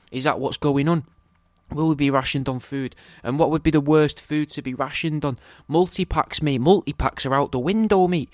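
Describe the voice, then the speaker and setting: A man's voice: mid-range voice, no echo. Ranting man, dry and close. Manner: ranting, profane, comically speculative. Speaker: podcaster giving a daily update. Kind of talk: rambling solo monologue.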